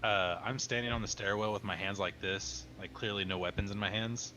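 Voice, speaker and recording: A man playing a tabletop game, speaking calmly and formally in character. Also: lowish voice, fairly quick, slight background noise. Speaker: player. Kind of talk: in-character role-play.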